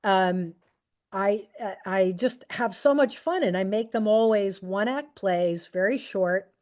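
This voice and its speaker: Speaking on aging and technology, this middle-aged woman addresses a group informally, sharing anecdotes with plenty of fillers and restarts. Her voice is medium in pitch, a little slow, and somewhat dark in tone.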